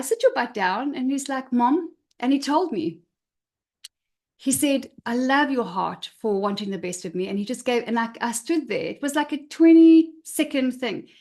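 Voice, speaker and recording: Middle-aged woman, high voice, energetic motivational coach who leans hard on key words. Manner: expressive, emphatic, repeats key words. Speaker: confidence coach. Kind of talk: motivational talk to listeners.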